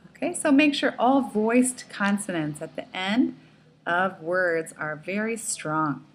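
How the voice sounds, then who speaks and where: A woman's voice: medium pitch, expressive, measured pace, slight background noise. A woman teaching a pronunciation lesson, saying each word and sentence twice with careful, exaggerated enunciation. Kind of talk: slow, clearly enunciated lesson.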